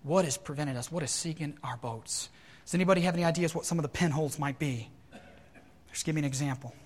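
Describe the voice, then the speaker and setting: A man preaching a sermon to his congregation, animated and acting out worried inner voices. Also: a little high, quick pace, long reverb tail. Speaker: pastor.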